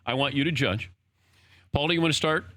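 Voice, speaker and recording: A man's voice: a little high, brisk, bright, forceful tone, no room sound, studio quality. A middle-aged man hosting a talk show interview, jokey and teasing. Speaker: radio talk show host.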